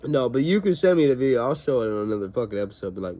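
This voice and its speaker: A man's voice: mid-range voice, very animated, rapid-fire, warm tone. Playful profane podcast host, man. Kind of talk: casual chat.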